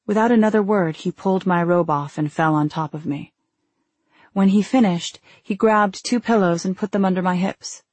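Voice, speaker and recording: Husky woman narrating a first-person novel. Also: lowish voice, normal speed, darkish tone, dry recording. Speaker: audiobook narrator.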